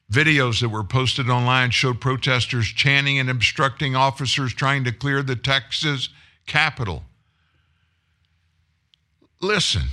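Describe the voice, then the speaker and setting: A man's voice: medium pitch, bright, forceful tone. A male news host reading political stories and then editorializing in a sarcastic, indignant way. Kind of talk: news reading and opinion commentary.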